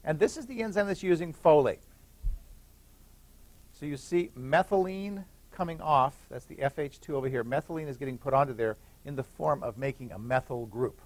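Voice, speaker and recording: A man's voice: on the high side, normal speed. A middle-aged man giving a classroom lecture, explaining step by step, repeating key points and checking in with "okay?". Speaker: university biochemistry lecturer. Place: lecture hall.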